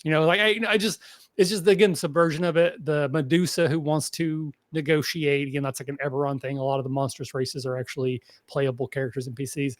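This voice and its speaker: A man's voice: fairly high pitch, fairly quick, no room sound, studio quality. A man with a Kentucky accent, chatting casually on a tabletop gaming podcast, rambling with lots of fillers. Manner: rambling, filler-heavy, animated. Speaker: podcast panelist.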